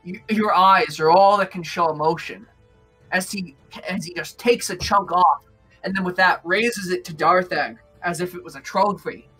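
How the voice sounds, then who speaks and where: A man narrating as game master of a tabletop game, describing scenes with frequent pauses. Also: high voice, pushed and bright, breathy edge, soft background music. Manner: descriptive, hesitant with fillers.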